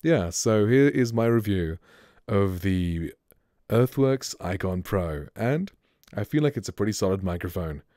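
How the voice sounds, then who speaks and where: A man with a somewhat low voice talks through a casual microphone review in a loose, rambling way. He sits close to a studio mic at his home streaming setup. The sound is dry, with no room echo. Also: animated, a little slow, warm tone. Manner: laid-back, rambling.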